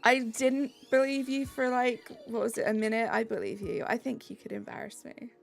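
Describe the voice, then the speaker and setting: Chatty young English streamer with gravelly voice. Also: female voice, a little high, steady tone, moderate pace, soft background music. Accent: Southeast English. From England. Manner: chatty, reads chat aloud, upbeat. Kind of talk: live-stream chat while gaming.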